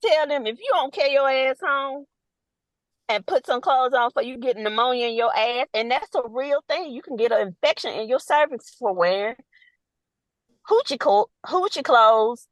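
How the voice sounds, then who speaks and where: A woman, a nurse, ranting bluntly and profanely in casual chat, loud and animated. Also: high voice, normal speed, no echo, muffled recording. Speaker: nurse, guest.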